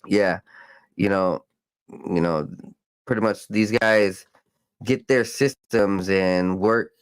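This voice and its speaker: Low-voiced man reading news, rambling asides. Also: no echo, low-quality recording. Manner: loose and rambling, many fillers and restarts. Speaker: podcast host. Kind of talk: reading news articles aloud with casual commentary.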